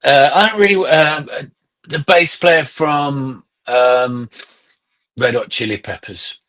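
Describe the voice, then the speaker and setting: A man's voice: on the high side, takes it slowly. Middle-aged man telling sweary anecdotes. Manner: animated anecdotes, swears freely. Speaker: podcast guest, musician. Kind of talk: casual conversational storytelling.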